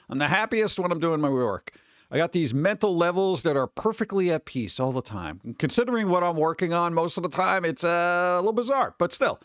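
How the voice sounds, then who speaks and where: A man's voice: sits high, fairly bright tone, dry recording. A man in his forties, hosting a stream in casual chat, ranting and swearing lightly about everyday annoyances. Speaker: streamer host.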